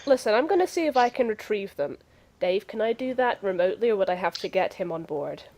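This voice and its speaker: A woman player in a casual tabletop game, arguing her point in a brisk, insistent way over a voice call. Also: medium pitch, lively intonation, a little mellow.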